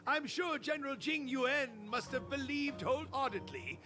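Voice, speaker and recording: A man's voice: very high voice, expressive, normal speed, over music. An actor playing a fretful, overly polite male official in a video game, with a posh English received-pronunciation accent and over-enunciated speech. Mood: anxious, formal. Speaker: game character.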